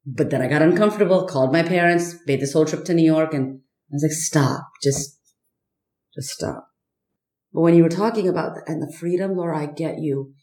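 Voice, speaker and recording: A woman speaking candidly as a podcast guest, halting and searching, with many fillers and restarts. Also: low voice, warm tone, reverberant. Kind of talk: candid personal conversation.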